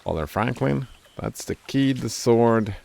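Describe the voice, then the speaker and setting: A gameplay streamer muses aloud as he plays, puzzling over and looking up words and poking fun at himself in casual commentary. His voice is medium-pitched and a little mellow, with vocal fry and a measured pace.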